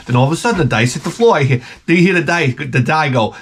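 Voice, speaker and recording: A middle-aged man rants in a rambling, profane, animated way, full of restarts. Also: fairly high pitch, quick pace, few pauses, a little hiss or hum. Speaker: vlogger. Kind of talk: profane comic rant.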